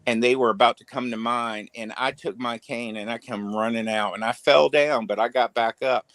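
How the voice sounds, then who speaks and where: A man spinning stories on a casual livestream, his voice dry and close with no room around it. He swears freely and stammers when he gets going. His pitch sits in an ordinary middle range for a man. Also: moderate pace, dry recording. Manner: profane, stammering, animated. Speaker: streamer.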